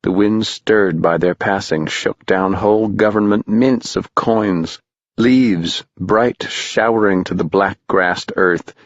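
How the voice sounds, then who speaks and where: A man reads a story aloud in a measured, rhythmic way. His voice is deep and his pace unhurried. The recording is dry and dull, with muted highs. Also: no room sound. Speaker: audiobook narrator. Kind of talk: scripted story narration.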